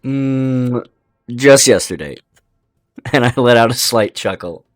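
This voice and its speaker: Slow laid-back male player. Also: mid-range voice, animated, no echo, studio quality, soft background music. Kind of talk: casual chat at a tabletop game.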